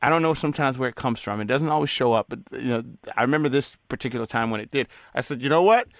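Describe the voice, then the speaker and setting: A man's voice: mid-range voice, fast talker, a bit bright, no room sound, studio quality. A man hosting a radio interview, chatting casually and telling stories in a chummy way. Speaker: radio host.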